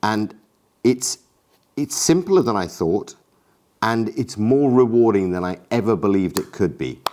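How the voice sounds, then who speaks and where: Guy chatting about gear, kinda low voice, excited and jokey about himself. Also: measured pace. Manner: enthusiastic, self-deprecating, chatty. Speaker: camera gear vlogger. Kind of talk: casual gear review vlog.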